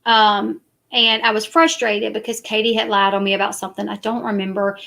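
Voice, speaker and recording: A woman's voice: mid-range voice, flat delivery, a little fast, vocal fry, a bit bright. A woman, chatting casually and defensively to her live stream viewers. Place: parked car at night.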